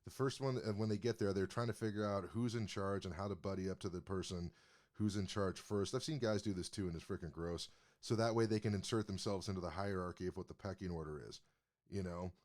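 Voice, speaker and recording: Deep-voiced man musing profanely. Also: a little fast, darkish tone. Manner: profane, reflective commentary. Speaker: podcast co-host and comedian. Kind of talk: casual chat.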